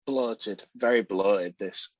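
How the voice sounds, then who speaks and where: A man's voice: fairly low pitch, slow pace, no room sound. A British man co-hosting a podcast, reviewing a film in casual chat with sweary, exasperated banter. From Britain. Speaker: podcast co-host. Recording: dull, lo-fi dry mic.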